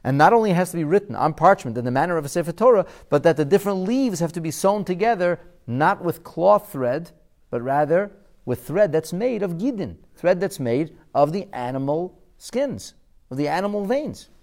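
A man's voice: a little high, normal speed. A man in his forties teaching a Torah lesson, puzzling aloud and asking rhetorical questions as he explains the sources. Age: 40s. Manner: animated, quizzical, asks rhetorical questions.

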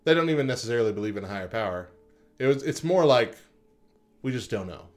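A man co-hosting a casual podcast, reading statistics from a list with frequent pauses and adding informal comments. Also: medium pitch, animated, soft background music. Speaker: podcast co-host.

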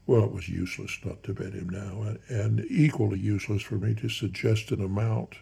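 A man spins a folksy yarn in a deeply gravelly, husky voice. His tone is dark and mellow, and he slows into soft, hushed asides. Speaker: storyteller. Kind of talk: spoken storytelling.

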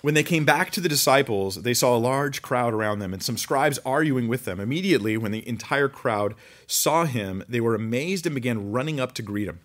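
A man preaching a conversational sermon, reading scripture aloud and commenting with animated asides. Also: medium pitch, a little fast. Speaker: pastor.

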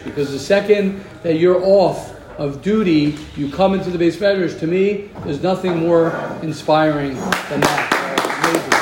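A man's voice: fairly high pitch, normal speed, few pauses, a little mellow. A man teaching an informal religious class, effusive with praise and repeating phrases as he talks. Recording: echoey room with faint noise.

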